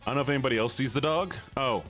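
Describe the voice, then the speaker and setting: A man's voice: medium pitch, rapid-fire, a bit bright, soft background music. A man live streaming a game, chatting playfully with his viewers and teasing them. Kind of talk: casual live-stream chat while playing a game.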